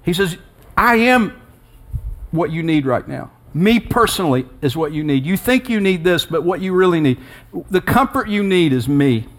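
A man in his sixties preaching a sermon, earnest and personal. His voice sits a little higher than most men's, and it lifts sharply with emphasis when he drives a verse home. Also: animated, moderate pace. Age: 60s. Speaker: pastor.

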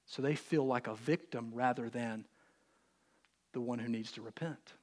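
In church, a pastor in his thirties preaches a sermon, speaking directly to the congregation. He sounds earnest and animated, with a medium-pitched voice at a moderate pace.

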